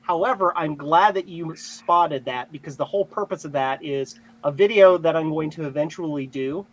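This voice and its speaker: A man's voice: on the high side, moderate pace, rough recording. Easygoing man explaining things. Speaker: guest on a repair livestream. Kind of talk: casual group chat on a video call.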